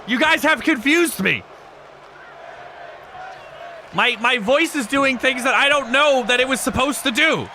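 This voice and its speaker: A man hosting a livestream, chatting casually with viewers. He jokes, swears often and breaks into sudden shouts. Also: very high-pitched, moderate pace, a faint crowd, a little hiss or hum. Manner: excitable, joking, swears a lot, bursts into shouts. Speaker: streamer host of a wrestling show.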